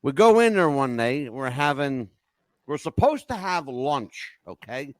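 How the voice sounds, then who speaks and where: An older man hosting a podcast, telling stories in a lively, emotional casual chat. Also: medium pitch, unhurried, dry recording. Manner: animated storyteller, emotional swings. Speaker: podcast host.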